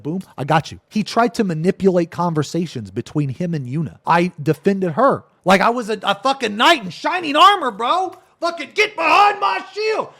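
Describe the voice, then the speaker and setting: A man's voice: medium pitch, darkish tone, dry recording. A man giving a heated commentary rant as a streamer, indignant and swearing a lot, with his voice leaping up when angry and often calling people "bro" and "man". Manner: calls listeners "bro" and "man".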